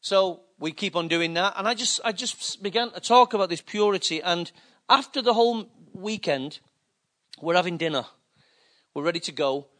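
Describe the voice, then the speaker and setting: Male preacher, fairly high voice, lively storytelling sermon delivery. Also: normal speed. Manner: animated anecdotal preaching with acted-out quotes.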